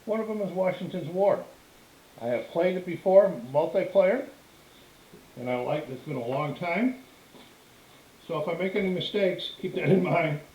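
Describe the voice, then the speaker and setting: A man's voice: sits high, lively intonation, normal speed, pauses often, darkish tone, lo-fi sound. An older man casually walking through a tabletop game setup, talking in a plainspoken, meandering way on camera at home. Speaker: board game demonstrator. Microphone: camera microphone.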